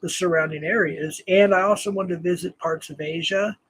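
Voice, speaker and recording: A man's voice: sits high, steady tone, a little fast, fairly bright tone, breathy edge, rough recording. A man from New Mexico hosting a casual live-stream chat, rambling with many fillers and self-corrections and chuckling often. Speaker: host.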